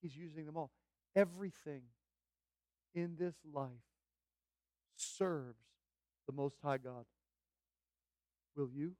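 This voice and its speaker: Pastor guy preaching hard, kinda high voice, repeats lines louder and louder, dry sound. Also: slow, pauses often, dry recording. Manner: fervent preaching, builds to loud emphatic repetition. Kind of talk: sermon.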